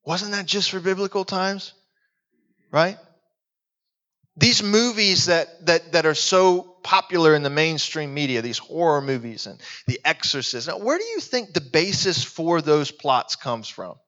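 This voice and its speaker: A man preaching a sermon, telling stories earnestly and sometimes dropping to a hushed, intense voice. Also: fairly high pitch, lively intonation, a little slow, dull audio.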